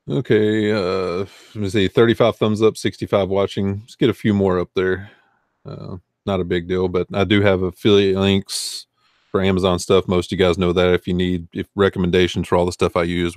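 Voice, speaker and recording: A man's voice: low-pitched, dry recording, clean studio sound. A man with a Southern US accent hosting a casual livestream, rambling and answering chat comments. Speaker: eBay reseller hosting a livestream.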